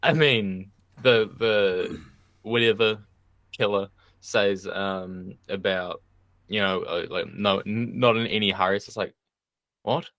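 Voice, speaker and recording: A man co-hosting a film podcast, chatting bluntly and casually with plenty of swearing and halting restarts. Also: on the low side, steady tone, fairly bright tone, no echo. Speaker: podcast co-host. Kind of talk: casual chat.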